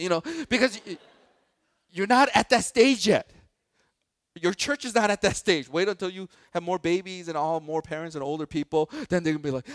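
Animated pastor preaching. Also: male voice, high voice, brisk, no room sound, clean studio sound. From Chicago, United States. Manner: animated, acts out quoted voices, joking asides. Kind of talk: sermon. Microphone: handheld or stand microphone.

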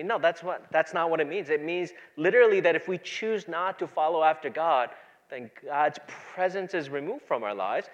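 A pastor preaching a sermon, moving between quiet, low asides and loud, emphatic passages. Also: male voice, normal speed, muffled recording.

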